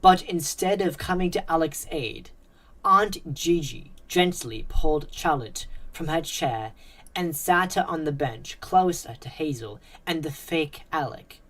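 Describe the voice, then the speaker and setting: A woman with a notably low voice reads a scripted horror story. Her delivery is measured and suspenseful. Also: animated. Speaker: narrator.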